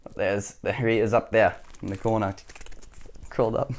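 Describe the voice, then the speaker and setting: A man reading a children's picture book aloud, gently, with chuckling asides. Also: fairly low pitch, little pitch movement, moderate pace.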